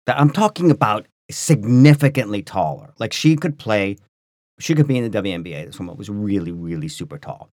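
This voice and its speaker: A man with a very low voice tells a story on a podcast, loose and rambling, with lots of restarts and fillers. The sound is dry and close, with no room behind it. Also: fairly quick, dry recording. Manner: rambling, full of restarts and "like", animated. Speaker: podcast co-host. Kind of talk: casual storytelling chat.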